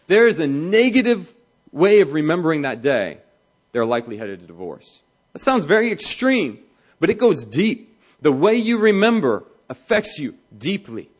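Animated male pastor preaching. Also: fairly high pitch, normal speed. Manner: animated, conversational, acts out quoted voices. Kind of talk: sermon on marriage.

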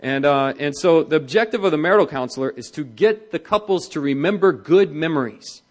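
Animated male pastor preaching. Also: on the high side, brisk. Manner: animated, conversational, acts out quoted voices. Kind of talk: sermon on marriage.

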